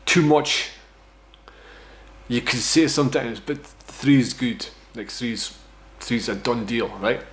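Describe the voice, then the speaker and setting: A man's voice: mid-range voice, takes it slowly. A Scottish man in his thirties tells a personal story as a casual vlog, rambling and swearing, often tagging lines with "right?". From Scotland. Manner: rambling, profane, self-mocking, fond of "right?". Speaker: vlogger telling a personal story.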